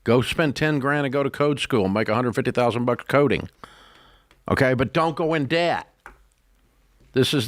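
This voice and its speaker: A man, hosting a call-in advice show, blunt and emphatic, his pitch climbing as he rants. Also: normal speed, long pauses, no room sound, clean studio sound. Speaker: radio show host.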